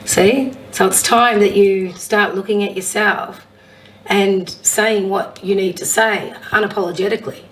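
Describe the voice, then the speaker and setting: A woman with a husky voice, a psychic medium giving a casual oracle card reading and reading affirmations aloud. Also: mid-range voice, fairly even intonation, a little slow, recorded from a distance, slight background noise, poor audio. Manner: chatty, warm-hearted encouragement, reads affirmations aloud.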